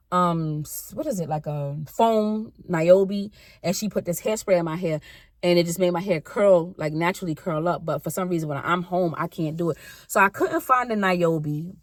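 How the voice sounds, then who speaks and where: A woman's voice: on the low side, no room sound. A woman in her fifties chatting casually in a rambling, self-correcting way for a car-ride vlog. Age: 50s. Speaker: vlogger.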